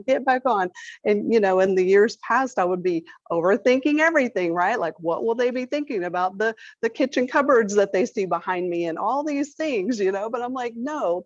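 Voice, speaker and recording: A woman's voice: medium pitch, no room sound, muffled recording. A woman co-author on a video call from her kitchen, chatty and laughing easily. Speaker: book co-author. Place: home kitchen.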